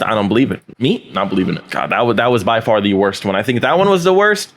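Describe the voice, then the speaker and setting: A young man rants through a reaction video with crude, sarcastic jabs, his pitch swinging up and down as he talks. Loud engine and exhaust noise roars behind his voice. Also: big pitch swings, fast talker, few pauses. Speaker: host reviewing subscriber car clips. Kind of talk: reaction commentary.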